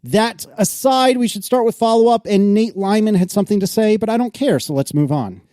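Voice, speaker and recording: A man co-hosting a podcast in casual chat, animated and quick to laugh, with exasperated protests. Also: sits high, no echo. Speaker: podcast co-host.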